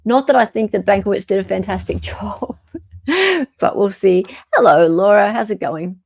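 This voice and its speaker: A woman's voice: mid-range voice, steady tone, moderate pace, gravelly, dark tone. An Australian woman hosting a casual livestream, chatting, reading court documents aloud and reacting to viewer comments. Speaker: host.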